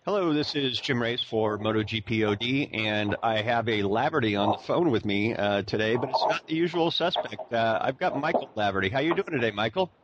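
An American man hosting a casual podcast chat at a middle pitch, rambling through lots of "uh"s and restarts. The sound is a little dull and muffled. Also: brisk, few pauses, noisy background. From United States. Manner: rambling, many fillers and restarts. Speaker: podcast host. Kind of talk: casual interview.

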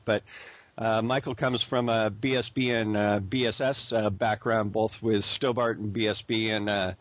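An American podcast host conducts a casual interview, rambling with plenty of fillers and restarts. His voice is lowish, and the recording is muffled but has no echo.

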